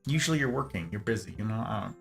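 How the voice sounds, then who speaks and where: A man with a lively, swooping voice chats casually with his livestream viewers, joking and exclaiming as he goes. Soft music plays underneath. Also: fairly low pitch, very fast, vocal fry. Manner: animated, jokey, exclaims and laughs often. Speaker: livestream host. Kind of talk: casual chat with live viewers.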